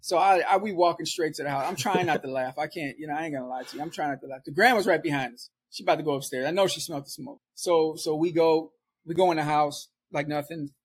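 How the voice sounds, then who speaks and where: A man from Milwaukee telling a story in casual street slang, animated and often laughing. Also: a little high, quick pace, husky. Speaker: storyteller guest.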